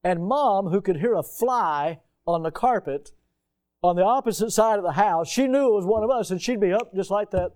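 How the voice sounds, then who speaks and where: High-voiced emphatic male preacher. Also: lively intonation, darkish tone. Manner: emphatic preaching, stretching key words slowly. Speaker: pastor. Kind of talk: sermon with personal story.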